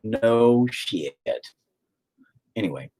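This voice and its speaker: A man's voice: lowish voice, expressive, drawn-out words, warm tone. A middle-aged man chatting casually on his vlog, rambling, swearing and sarcastic. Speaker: vlogger, band vocalist.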